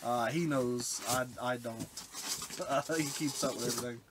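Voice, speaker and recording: A man's voice: medium pitch, fairly even intonation, normal speed. Choked-up man unboxing games. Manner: overwhelmed, choked up, trailing off mid-sentence. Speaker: retro game collector vlogger. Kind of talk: unboxing vlog. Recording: background hiss with clicks.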